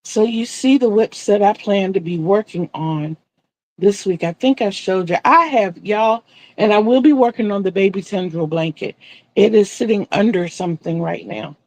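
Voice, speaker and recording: An older woman talks through her crochet work on a live stream, chatty and rambling, circling back and repeating her words. Her voice has a gravelly edge, and the sound is dry and close. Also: mid-range voice, normal speed, darkish tone, no echo. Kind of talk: casual live-stream chat while crocheting.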